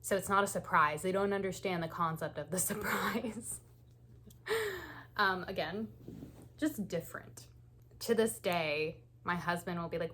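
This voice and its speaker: Speaking at a moderate pace in a lowish, fairly bright voice, a knitting channel host tells casual stories while she knits. She's chatty and laughs a lot, with many "like"s, and there's a little hiss or hum.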